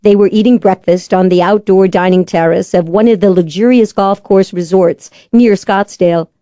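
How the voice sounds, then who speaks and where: Woman reading an audiobook, mellow warm tone, dry close mic, steady storytelling. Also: medium pitch, no echo. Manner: measured, even storytelling. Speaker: audiobook narrator. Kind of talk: scripted audiobook narration.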